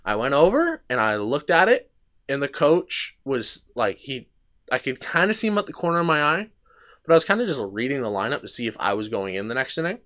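In a medium-pitched, sing-song voice that sounds pushed and bright, a young male podcast host talks briskly. He meanders through a long casual story, restarting, using fillers and swearing often.

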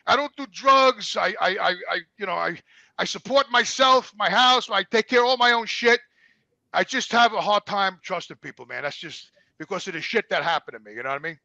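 A middle-aged man with a strikingly high, gravelly voice speaks in a bright, tense tone. He tells his story candidly and profanely, stumbling over repeated words and acting out quoted lines. The sound is close and dry. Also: fairly quick, no echo, low-quality recording. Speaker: guest.

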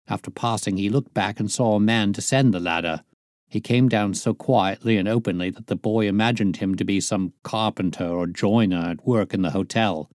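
A man's voice: fairly low pitch, a little mellow, no room sound, clean studio sound, lightly acted. A man reading aloud, voicing a matter-of-fact male police inspector in a near-natural voice. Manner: plain, matter-of-fact reporting.

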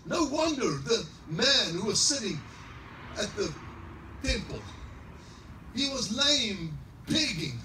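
A middle-aged man preaching a sermon as pastor, fiery at times and rising into shouted, sing-song exclamations. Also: high voice, very animated, slow, long pauses, background noise. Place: church service in a large greenhouse hall. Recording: echoey hall, mic at a distance.

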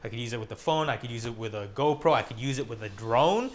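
A man's voice: medium pitch, fast. A man vlogging casually on a lavalier mic, chatty and playful as he shows off his gear. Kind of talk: casual vlog chat. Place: outdoors at a car wash.

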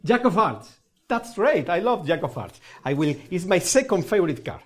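A man's voice: high-pitched, big pitch swings, normal speed. A Spanish man with a Spanish accent and broken English, performing a playful live magic show with audience laughter and banter. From Spain.

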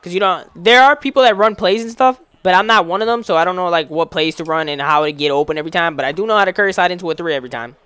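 A young man giving casual commentary while playing a basketball video game, slangy and excitable, calling out plays to the game. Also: sits high, racing, few pauses, clean tone, no room sound. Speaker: gaming YouTuber.

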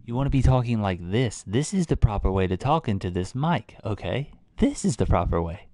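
A man's voice: lowish voice, expressive, a little fast, warm tone. A young man chatting casually on a late-night game stream, thinking aloud and fumbling through the instructions for his new close mic. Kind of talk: casual live-stream chat. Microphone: new desktop condenser mic, close.

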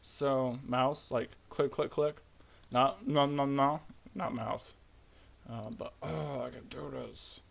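A young man casually narrating his own game project, rambling with bursts of high-pitched glee. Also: steady tone, slow, gravelly. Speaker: hobby game developer. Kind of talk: casual screen-recorded devlog.

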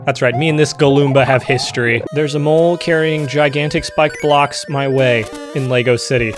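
A young man giving comedic let's-play commentary, joking and breaking into sudden loud outbursts. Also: mid-range voice, fairly even intonation, moderate pace. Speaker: gaming YouTuber. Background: game music.

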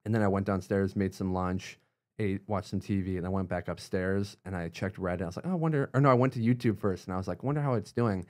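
Young male guest, low-pitched voice, casual and animated storytelling, full of fillers and acted-out quotes. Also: fast talker. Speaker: guest, YouTuber.

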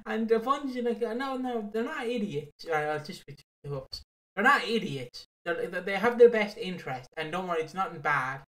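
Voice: medium pitch, moderate pace. Rambling, laughing podcast co-host. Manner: rambling, laughing, frequent restarts and swearing. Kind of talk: casual chat.

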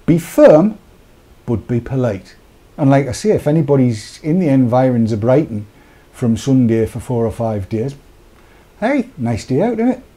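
Jokey man, mellow voice. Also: mid-range voice, moderate pace. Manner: jokey, chatty, animated asides. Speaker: co-host of a vaping talk show. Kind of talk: casual live-stream chat.

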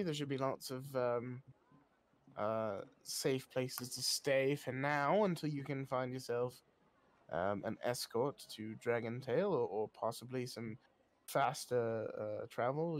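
A man from Canada playing a character, speaking hesitantly with frequent pauses and restarts. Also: medium pitch. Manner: hesitant, full of ums and restarts. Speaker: player. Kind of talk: in-character role-play.

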